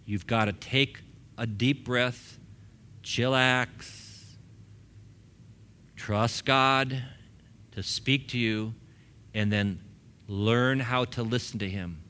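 A man's voice: medium pitch, very slow, pauses often, sharp tone. A man in his fifties, a pastor preaching a sermon in a church in a casual, conversational way, acting out little quoted exchanges. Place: church sanctuary.

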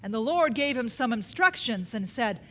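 A woman's voice: on the high side, lively intonation, normal speed, bright, forceful tone. A woman preaching a sermon, emphatic and repetitive, often putting questions to her listeners.

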